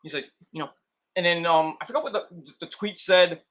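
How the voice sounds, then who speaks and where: A young man hosting a wrestling stream, rambling in casual commentary and acting out scenes with quick put-on voices. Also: a little high, pushed and bright.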